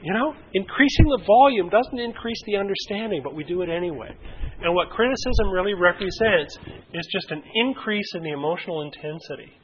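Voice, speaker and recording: A man presenting a relationship workshop in a conversational way, lively, using vivid examples and asking his audience questions. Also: high-pitched, brisk, slight background noise. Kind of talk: conversational teaching to a group. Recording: dull lo-fi recording.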